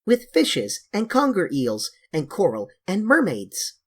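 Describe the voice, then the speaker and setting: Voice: medium pitch, wildly swooping pitch, slow pace, slightly rough, pitched above the performer's own voice, heavily acted. An audiobook reader voicing a timid, imaginative little girl with a raised, wondering tone. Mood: dreamy.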